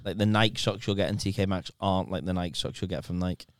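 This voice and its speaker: A man's voice: deep voice, fast talker, smooth, dry recording. Crude, laughing man on a dry mic. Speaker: podcast co-host. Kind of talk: casual banter.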